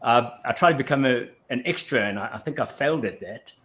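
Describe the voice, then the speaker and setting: Man, interview guest, rambling storyteller, average pitch. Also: animated, fast talker, fairly bright tone. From South Africa. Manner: rambling with frequent restarts. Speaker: guest actor. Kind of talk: casual interview chat.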